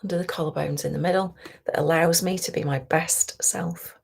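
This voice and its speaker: A woman coach leading a guided tapping session, talking slowly and soothingly and often dropping to a whisper. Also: on the low side, steady tone, vocal fry, breathy edge. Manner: slow, soothing, softly guiding with whispered phrases.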